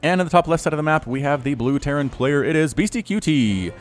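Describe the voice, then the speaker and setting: A man casting a strategy game, excitable and quick to shout at big plays. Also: a little high. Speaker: game caster. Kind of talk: live strategy game commentary.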